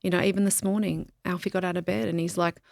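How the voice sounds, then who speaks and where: A grieving woman speaking candidly as a podcast guest in a reflective interview, searching for words with pauses and restarts. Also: lowish voice, little pitch movement, gravelly, a little mellow, no room sound, clean studio sound.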